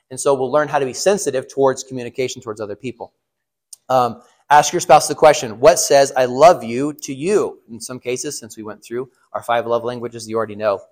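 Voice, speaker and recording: A man's voice: mid-range voice, fairly even intonation, brisk, darkish tone. A middle-aged man giving a casual sermon on marriage to a class, chatty, laughing at his own stories and asking the room questions. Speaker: pastor or class teacher.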